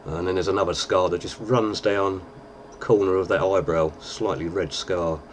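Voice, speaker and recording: A deep-voiced man, chatting casually through a makeup tutorial with plenty of fillers. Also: steady tone, moderate pace, slight background noise. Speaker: lookalike performer giving a tutorial.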